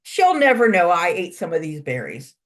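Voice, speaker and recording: A woman voicing an eager, impulsive young male warrior in a spoken legend, casual and quick. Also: lowish voice, big pitch swings. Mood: hungry, tempted.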